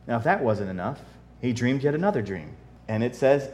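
A man preaching a sermon as pastor, folksy and joking, swinging from soft asides to loud emphatic repetition and reading scripture aloud. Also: medium pitch, sing-song, fairly quick. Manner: folksy humor, reads King James scripture aloud.

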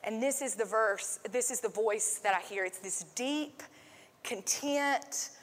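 A woman pastor delivers a sermon in a relaxed, conversational way, leaning on fillers and asides to her congregation. Her voice sits a little high. The sound carries a long, echoing reverb from the sanctuary. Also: measured pace. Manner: conversational, many fillers like "like" and "um", drops to a soft hush when quoting. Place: church sanctuary.

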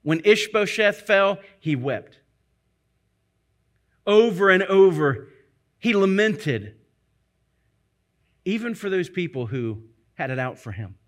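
A man's voice: high voice, big pitch swings, takes it slowly, long pauses. A male pastor preaching a sermon, earnest and emphatic, repeating phrases to press his point.

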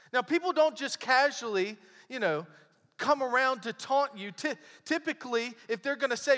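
A man preaching a sermon, reading scripture and explaining it in an earnest, emphatic way with dramatic pauses. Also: very high-pitched, expressive, pushed and bright. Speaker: pastor. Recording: long hall reverb.

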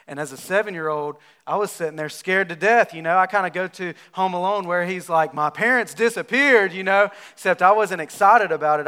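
A North Alabama pastor preaches a sermon in a high voice, keeping it relaxed and conversational as he tells stories.

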